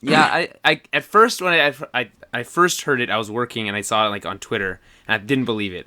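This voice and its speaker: A man's voice: medium pitch, animated, fairly quick, few pauses, bright, forceful tone. A man co-hosting a podcast in casual chat, rambling, laughing often and trailing off mid-sentence. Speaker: podcast co-host.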